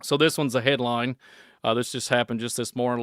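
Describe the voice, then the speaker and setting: A man with a Kentucky accent rambles through posts and headlines in a loose, folksy commentary. He repeats his points and drifts into preachy warnings. His voice is smooth and resonant at an ordinary pitch, recorded dry and close. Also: steady tone, fairly quick, a bit bright, no room sound. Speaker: podcast host. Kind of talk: casual commentary reading posts and news.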